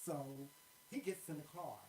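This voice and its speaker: A man's voice: on the high side, normal speed. A man co-hosting a show, telling a story casually and dramatically. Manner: dramatic, expressive. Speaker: co-host. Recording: echoey room, away from mic.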